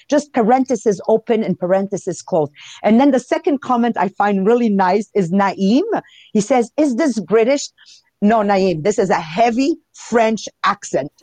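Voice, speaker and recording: Animated Italian-accented woman in her fifties. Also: mid-range voice, moderate pace, dry recording. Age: 50s. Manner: animated, laughs often, talks to listeners. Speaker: podcast co-host. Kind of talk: casual live podcast talk.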